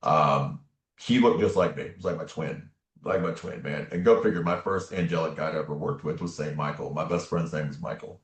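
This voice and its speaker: Deep-voiced man telling a story. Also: fairly quick. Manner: earnest, casual, often says "man" and "right?". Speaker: interview guest. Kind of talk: personal storytelling in conversation. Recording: echoey room.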